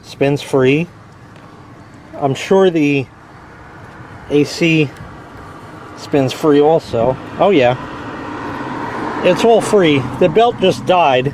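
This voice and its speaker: A man with a rather high voice talks casually and wryly, rambling with the odd mild curse. He is outdoors next to a parked car, filming himself. Faint outdoor hum sits behind him. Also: extremely slow, pauses often, darkish tone. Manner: rambling, wry, swears lightly. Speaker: car owner vlogging a repair. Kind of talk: casual vlog.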